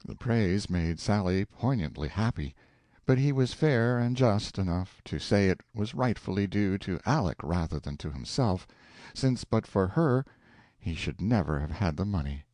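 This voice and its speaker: Male narrator for a classic story, low voice, lively phrasing, measured. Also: dry recording, clean studio sound. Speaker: audiobook narrator. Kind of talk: scripted narration.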